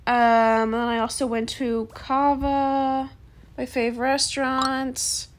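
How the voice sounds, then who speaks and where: A young adult woman in casual gameplay chat, soft-spoken and chatty, recorded on a phone in a quiet bedroom late at night. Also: sits high, little pitch movement, slow pace, slight background noise. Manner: chatty, soft-spoken, calls viewers bestie. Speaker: gaming YouTuber.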